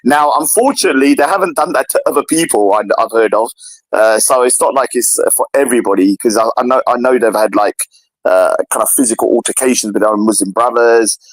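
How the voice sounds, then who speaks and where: A man in casual political chat, animated and repetitive, often acting out others in a higher voice. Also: brisk, no room sound, low-quality recording. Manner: animated, repeats himself, mimics others in a higher voice. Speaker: podcast co-host.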